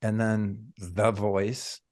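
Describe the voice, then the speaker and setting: Low-voiced man telling a laid-back story. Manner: relaxed, drawn-out storytelling with reflective pauses. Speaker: podcast host. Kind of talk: casual storytelling chat.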